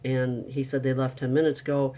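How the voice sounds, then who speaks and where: A man's voice: medium pitch, monotone, brisk, dark tone. A man telling a frustrating story in a casual, upset monologue, venting and exasperated. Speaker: vlogger.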